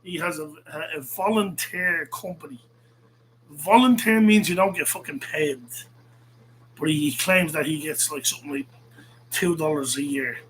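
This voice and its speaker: A man's voice: fairly high pitch, moderate pace, a bit bright, a little hiss or hum, poor audio. Blunt, profane man ranting. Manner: blunt, profane, rambling with restarts. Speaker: host. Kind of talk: ranting monologue.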